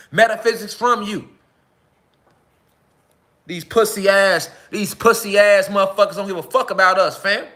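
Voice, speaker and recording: A man speaking delivers a fervent, repetitive monologue full of profanity. His voice sits high and bright, sharp at the edges. He circles back on his phrases as he presses his point. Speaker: social media commentator.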